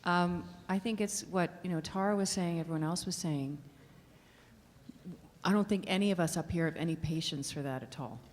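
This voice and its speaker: A woman's voice: fairly low pitch, moderate pace, darkish tone. A woman on a convention panel giving earnest, encouraging advice, recorded in a reverberant hall. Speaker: voice actress on a panel. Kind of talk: panel answer.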